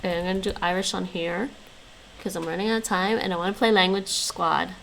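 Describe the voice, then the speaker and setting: A woman's voice: fairly low pitch, fairly even intonation, a little fast, vocal fry, a bit bright, a little hiss or hum, poor audio. A woman livestreaming at home, chatting casually and answering her viewers' messages aloud while she studies languages, with frequent laughs.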